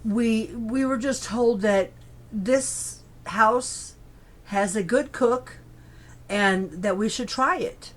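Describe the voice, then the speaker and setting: A woman voicing a plainspoken churchgoing woman visitor, speaking in an earnest, appreciative way, a little higher than her own voice. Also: slow pace.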